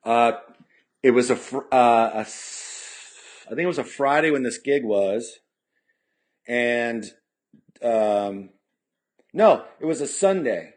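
A Californian punk musician, a guest on a podcast, tells a long casual story into a podcast studio mic, acting out quoted dialogue and filling it with "you know." His medium-pitched voice is expressive, slow and often pauses.

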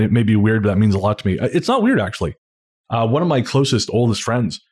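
Low husky man reading listener mail. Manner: relaxed, halting with fillers. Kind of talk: casual chat.

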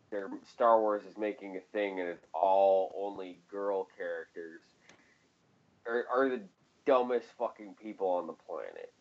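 A man's voice: low-pitched, lo-fi sound. A man co-hosting a casual podcast chat, profane and ranting, laughing often. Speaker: podcast co-host.

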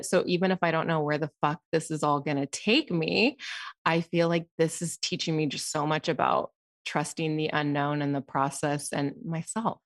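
A woman podcast guest telling her story in a candid, animated way, swearing casually along the way. Her voice sits a little low. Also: normal speed, no echo, clean studio sound. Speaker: guest, style coach.

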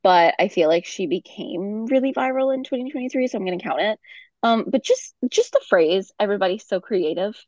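A woman's voice: mid-range voice, expressive, moderate pace, a little mellow, no echo. A woman co-hosting a podcast, giving wry pop-culture commentary in casual chat with laughs and fillers. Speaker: podcast co-host. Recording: dull, dry lo-fi mic.

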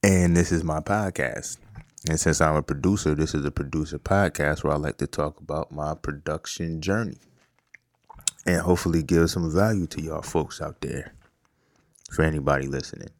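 A man's voice: a bass voice, normal speed, no echo, clean studio sound. A man from Rochester, New York, hosting a casual podcast in a laid-back, loose way with fillers and asides. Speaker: podcast host and beat producer. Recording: loud beat music playing under the voice.

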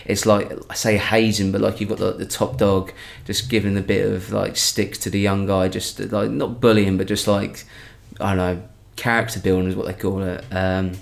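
A man's voice: on the low side, little pitch movement, normal speed, vocal fry, hardly any pauses. A man, a comedian, telling a story in a rambling, chatty way with many restarts. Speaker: comedian guest. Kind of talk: casual storytelling in a podcast chat.

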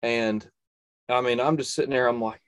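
A young man recounts a story in conversation, earnest and emphatic, leaning on repeated phrases to drive each point home. His voice sits at an ordinary middle pitch. The recording is close and dry, with no room sound. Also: fairly even intonation, normal speed, a bit bright, smooth, no room sound. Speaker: hunter and video creator, guest. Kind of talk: telling a personal story in a conversation.

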